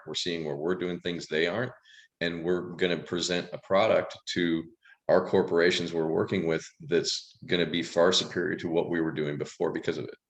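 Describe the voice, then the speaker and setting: A man co-hosting an online coaching session, explaining in a measured, deliberate way. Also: low voice. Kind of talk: live group coaching session.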